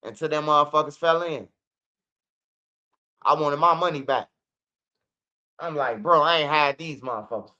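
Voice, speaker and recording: High, bright man telling stories. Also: moderate pace, pauses often. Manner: animated, profane street storytelling with acted-out quotes. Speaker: channel host. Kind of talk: casual storytelling. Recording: dull lo-fi recording.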